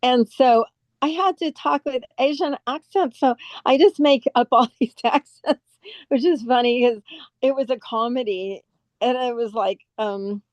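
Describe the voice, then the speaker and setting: A woman's voice: on the high side, a little slow, darkish tone, no echo. An older woman from California, a guest actress chatting in an interview, who tells stories and laughs often. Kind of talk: casual interview chat. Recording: dull, dry lo-fi sound.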